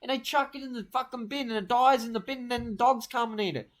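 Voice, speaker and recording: A man's voice: very high-pitched, fairly bright tone. A man, rambling through crude, boastful comic tall tales. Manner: brash, crude, rambling, fast-talking boasts.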